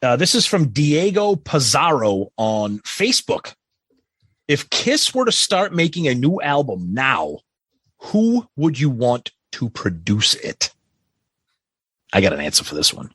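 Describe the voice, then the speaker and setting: A husky-voiced man co-hosts a casual podcast, reading listener questions aloud. He gives blunt, profane opinions with a lively, varied pitch. The recording is dry and close. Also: a little slow, no room sound. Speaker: podcast co-host.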